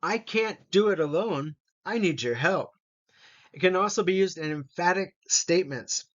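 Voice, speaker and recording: A man teaching an English grammar lesson, slowly reading out example sentences. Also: sits high, animated, a bit bright, dull audio. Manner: slow, deliberate, reads example sentences aloud.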